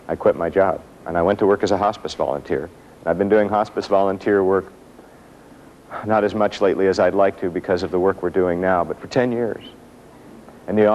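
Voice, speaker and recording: A man giving a motivational workshop talk to an audience in a room, telling stories with self-mocking humor and dramatic pauses. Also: sits low, a little mellow, muffled recording, a little hiss or hum. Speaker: motivational speaker.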